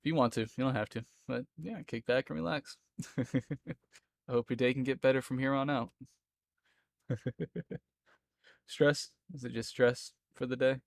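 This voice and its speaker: A man's voice: medium pitch, steady tone, unhurried, gravelly, long pauses, no echo, studio quality. A young man from Florida with a Southern accent, chatting casually with viewers on a live stream, rambling and laughing often between lines.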